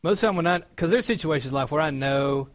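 A man preaching a sermon in a conversational, storytelling way, growing animated as he recounts events. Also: fairly high pitch, quick pace.

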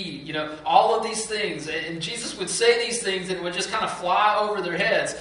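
A man preaching a sermon, telling the story with lively acted-out quotes and frequent repeats and restarts. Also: high voice, normal speed, few pauses, very echoey, recorded from a distance, poor audio. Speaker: pastor.

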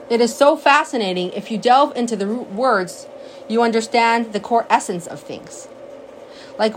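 A woman teaching a class on a sacred text, explaining terms and telling stories with lively acted-out quotes. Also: fairly high pitch, slight background noise, poor audio. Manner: animated storyteller, acts out quotes. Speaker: Torah teacher.

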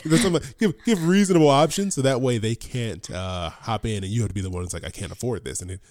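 A man's voice: medium pitch, fast talker, darkish tone. A man co-hosting a casual livestream chat. He is chatty and laughs often. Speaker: co-host.

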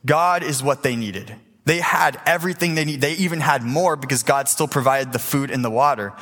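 An eighteen-year-old youth preacher gives a sermon in a church sanctuary, casual and animated, slipping into voices as he tells the story. He speaks a little fast at a middle pitch, and a long hall reverb trails each phrase.

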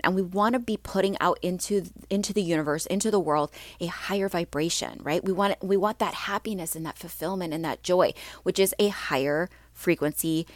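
Upbeat woman podcast host, a bit stuffy, lower voice, dry close sound, chatty with ums. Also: no room sound. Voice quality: slightly stuffy, clearing her throat. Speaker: podcast host and mindset coach. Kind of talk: casual solo podcast talk.

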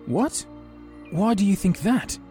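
A man's voice: a little high, sing-song, moderate pace, warm tone, voice pushed up. A man voicing an earnest, worried young man adventurer who asks many questions, over background music. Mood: surprised. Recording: fantasy audiobook with music bed.

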